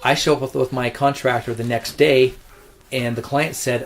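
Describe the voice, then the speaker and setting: A man's voice: mid-range voice, steady tone, moderate pace, a little hiss or hum. A middle-aged man, a real estate agent co-hosting a podcast, telling a work story casually, with lots of restarts and repeated words.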